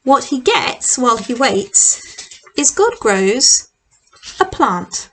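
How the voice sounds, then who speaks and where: A middle-aged woman leading a children's church session, telling a Bible story with props in an animated, expressive way. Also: fairly high pitch, slow pace, rough recording.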